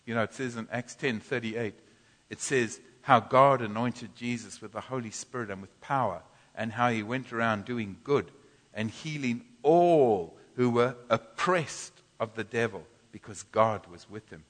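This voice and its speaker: A man preaching a sermon in a church, teaching from scripture with animated bursts of loud groaning. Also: mid-range voice, a little slow. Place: church hall. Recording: long church reverb.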